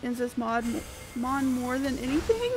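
A woman, chatting excitably with viewers while she streams a game. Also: sits high, moderate pace, over music. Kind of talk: casual live-stream chat.

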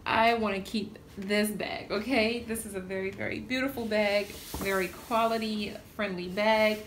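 A young adult woman talking casually to her channel, telling a story in a chatty, excitable way. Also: mid-range voice, moderate pace, slight background noise. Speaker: vlogger. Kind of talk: casual chat.

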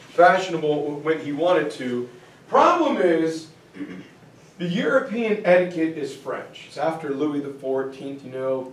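A history teacher with a high voice gives a lively, joking classroom lecture. He sounds far from the mic, and the room adds heavy echo. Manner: lively and joking, acts out quotes.

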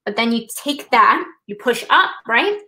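A woman's voice: a little high, expressive, measured pace, a little hiss or hum, rough recording. A woman hosting a live trivia night, chatting casually and explaining things step by step with a self-deprecating touch. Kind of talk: casual live-stream demonstration.

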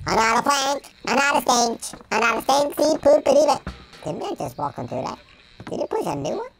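A man voicing an excitable male cartoon chipmunk who plays a game and yells at it, with a sped-up high-pitched voice. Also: a little fast, creaky, heavily acted. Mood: playful. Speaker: gameplay commentator. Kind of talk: let's-play commentary in character. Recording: game music underneath.

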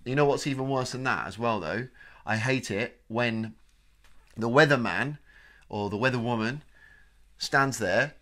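A British man co-hosting a comedy podcast, chatting in an animated, jokey way with swearing and laughter. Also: medium pitch, unhurried, long pauses. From United Kingdom. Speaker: podcast co-host. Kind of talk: casual comedy podcast chat.

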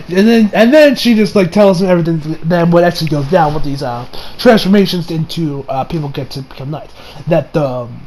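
High-pitched man, casual video review, excited, rambling, swearing. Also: moderate pace, a little hiss or hum, low-quality recording. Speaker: anime reviewer.

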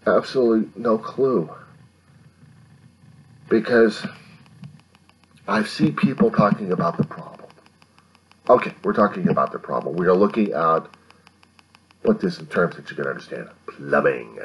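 Speaking low and slightly rough, this American man in his fifties records a late-night video diary at home on a camera he set up himself. He muses and grumbles at normal speed, expressive but hushed so the neighbors stay asleep, and leaves long pauses as he rambles.

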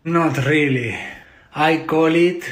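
A woman voicing a shy, reluctant person who stands for a country, speaking hesitantly in a slightly lowered voice. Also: slow pace.

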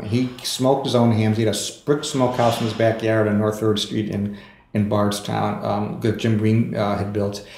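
Gravelly-voiced man telling stories. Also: lowish voice, darkish tone. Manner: anecdotal, with fillers and chuckles. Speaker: author guest. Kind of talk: casual storytelling in a podcast interview. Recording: echoey room.

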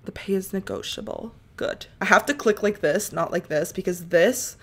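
A woman's voice: medium pitch, normal speed, slightly rough. Chatty young woman narrating gameplay. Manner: chatty, bursts into loud laughing outbursts. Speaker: gaming YouTuber. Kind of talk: casual gameplay commentary.

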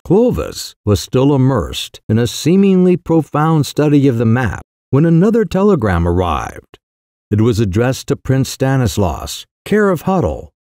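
A man narrating a comic short story in a wry, expressive storytelling manner. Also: medium pitch, no echo, studio quality. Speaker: audiobook narrator.

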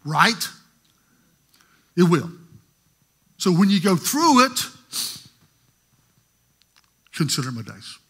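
A pastor preaching a sermon, telling stories in a voice that moves from hushed to emphatic. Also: male voice, sits high, sing-song, slow pace, long pauses, slightly rough. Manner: storytelling, shifting from hushed to emphatic.

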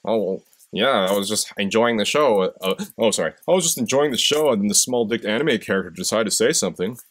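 A man's voice: fairly low pitch, normal speed, natural voice. A man voicing a racist male heckler who stammers and dodges. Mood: sneering. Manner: stammering, evasive.

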